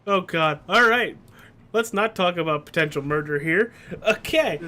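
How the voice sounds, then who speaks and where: A man's voice: high voice, lively intonation, normal speed, sharp tone. A man calling a sim race, mixing play-by-play with jokey banter. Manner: play-by-play calls mixed with banter. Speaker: sim racing commentator. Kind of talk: joking race commentary.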